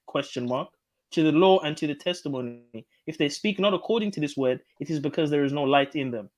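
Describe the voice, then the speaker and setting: A fairly high-voiced man presses his point on a live online panel, repeating words and stammering as he pushes back. He reads verses slowly and pointedly. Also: a little mellow. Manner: insistent, repeats himself, stammers. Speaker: panel debater. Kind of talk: casual online debate.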